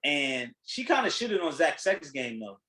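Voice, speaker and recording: A man hosting a podcast in casual chat, retelling a reality show in a blunt, animated way, acting out what people said and swearing freely. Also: a little high, a little slow, low-quality recording. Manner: animated storytelling, acting out quotes. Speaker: podcast host.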